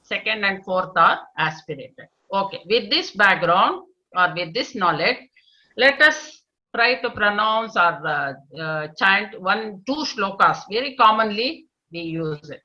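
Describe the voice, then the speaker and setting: A woman teaching children in an online class, patiently repeating answers, praising pupils and chanting verses slowly for them to echo. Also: mid-range voice, animated, sharp tone. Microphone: video call. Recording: dull lo-fi online call.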